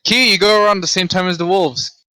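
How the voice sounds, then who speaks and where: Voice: medium pitch, steady tone, fairly quick, sharp tone, dry recording. A player in a tabletop game over voice chat who laughs and jokes a lot. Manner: laughing and joking.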